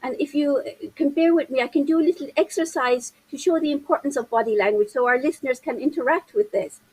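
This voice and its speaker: A woman's voice: high voice, quick pace, darkish tone, poor audio. A woman in her fifties, a parenting coach, talking animatedly and gesturing with her hands as she explains in an interview. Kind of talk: interview conversation.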